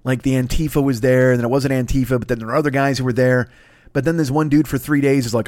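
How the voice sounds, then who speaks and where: A middle-aged man hosting a podcast, telling stories in a crude, swearing, animated comedic rant. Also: medium pitch, fast talker, no echo, clean studio sound. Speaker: podcast host.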